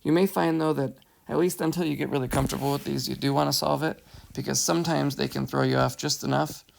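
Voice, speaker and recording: A man with a deeply gravelly, fry-laden voice at an ordinary middle pitch talks through a math lesson over a screencast. He walks patiently through each step and keeps checking in with his students. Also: steady tone, fast, slight background noise. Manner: patient, explains step by step, asks "right?". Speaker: math teacher. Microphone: headset or tablet mic, voice-over screencast.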